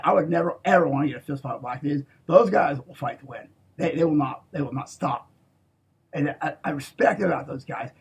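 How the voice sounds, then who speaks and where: A man in a rambling, profane monologue, swinging between loud outbursts and low mutters and tagging lines with "okay?". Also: gravelly, husky. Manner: profane, repeats "okay?", restarts a lot.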